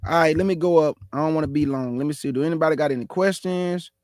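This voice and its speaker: High-pitched passionate Texas man preaching. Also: quick pace, no room sound, studio quality. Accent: Houston, Texas. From Houston, Texas. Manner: forceful, passionate, aggressive delivery. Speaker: show host. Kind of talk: passionate religious talk show.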